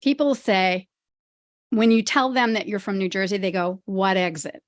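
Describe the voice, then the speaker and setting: A woman's voice: medium pitch, moderate pace, dry recording, studio quality. A friendly, chatty woman speaking as a podcast guest, who laughs easily. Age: older. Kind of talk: casual interview chat.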